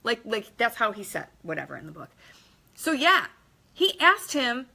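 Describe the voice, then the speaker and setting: A woman's voice: on the high side, big pitch swings, normal speed, creaky, bright, forceful tone. A woman giving a casual motivational talk to camera, emphatic and blunt, with mild swearing and quotes acted out in different voices. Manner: acts out quotes in varied voices. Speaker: motivational vlogger.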